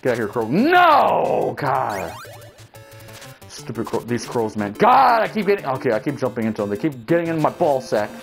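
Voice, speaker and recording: Brief: young male let's-player, lively voice that jumps high on yells, swears a lot, faint music behind. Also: a little fast, gravelly. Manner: swears and shouts at enemies, talks to viewers. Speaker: let's play gamer. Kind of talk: casual gameplay commentary.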